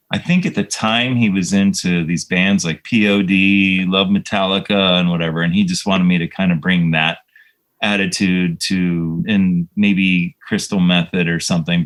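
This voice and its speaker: A man's voice: sits low, a bit bright, low-quality recording. A man, a composer guest, chatting in a casual interview and telling reflective, rambling stories with many fillers.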